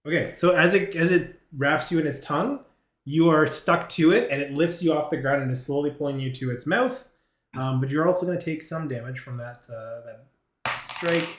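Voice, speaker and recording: A man's voice: on the high side, moderate pace, reverberant. A man narrating a tabletop game as game master, hesitant and full of fillers and restarts.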